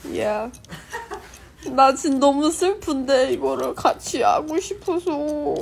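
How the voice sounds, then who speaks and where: A woman's voice: high-pitched, racing, vocal fry, slight background noise. A young woman chatting casually on a phone livestream, tearful and giggly, often laughing through her crying. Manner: giggly, emotional, mixing in Korean. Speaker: singer on a livestream.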